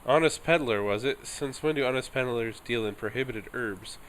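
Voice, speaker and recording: A man's voice: mid-range voice, normal speed, fairly bright tone, a little hiss or hum, natural voice. A man reading aloud game characters' lines in a hammy, slightly raised voice. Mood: hamming.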